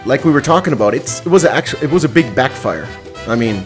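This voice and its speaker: A man's voice: medium pitch, animated, quick pace, soft background music. A man co-hosting a live stream, upbeat, reading out viewer comments and laughing easily. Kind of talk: casual live-stream chat.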